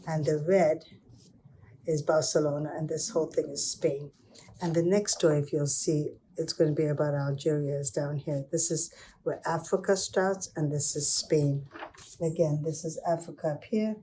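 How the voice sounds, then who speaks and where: Storyteller woman, low and warm, informal pace with restarts. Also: normal speed, slight background noise. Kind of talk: telling stories to children.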